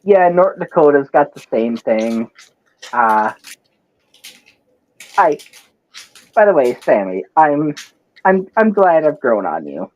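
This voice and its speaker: A man's voice: on the high side, big pitch swings, slow pace, long pauses, a little mellow, poor audio. A man from Wisconsin with a Wisconsin accent, ranting in casual, profane chat.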